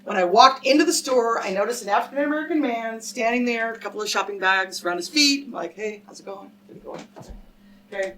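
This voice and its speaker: A woman speaking at a public lecture, her voice sitting a bit high for a woman. She talks emphatically and directly, checking in with her audience with short questions. She is picked up from a little way off the mic, with a faint hiss in the background. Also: fast talker, hardly any pauses, sharp tone, distant mic, poor audio. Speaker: scholar giving a talk. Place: lecture hall with a live audience.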